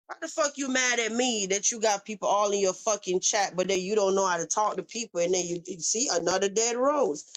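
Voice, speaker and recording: A woman with a Southern US accent hosting a casual live stream, talking bluntly and with plenty of swearing as she speaks straight to her chat. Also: medium pitch. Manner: blunt, profane, addresses chat directly. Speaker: livestream host.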